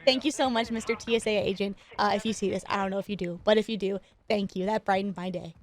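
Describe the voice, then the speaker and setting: A woman gaming creator telling a story in casual chat while she plays, animated and excitable, with chatty asides and frequent laughs. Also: mid-range voice, fast talker. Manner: chatty, self-interrupting asides.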